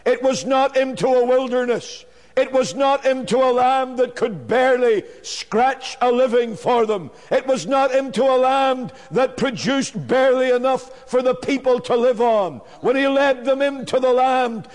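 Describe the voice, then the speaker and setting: A man preaching a sermon in a measured, emphatic way, building on repeated phrases. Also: very high-pitched, a little mellow, long reverb tail.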